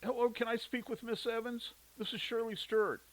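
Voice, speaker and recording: A man voicing a sick, stressed, quick-tempered mother in a storybook reading, harried and coughing. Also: very high-pitched, level tone, pitched above the performer's own voice, poor audio. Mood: on the phone.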